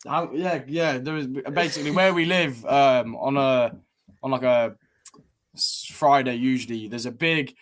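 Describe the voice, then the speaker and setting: A man's voice: mid-range voice, steady tone, unhurried. A young man with an English accent answering interview questions in a chatty, rambling way. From England. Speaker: motorcycle racer guest.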